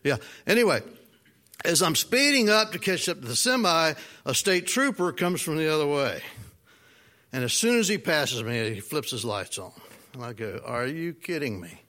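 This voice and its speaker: Folksy preacher telling a story. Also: male voice, a little high, normal speed. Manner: folksy, animated storytelling with asides to the congregation. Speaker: pastor. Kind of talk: sermon with personal story.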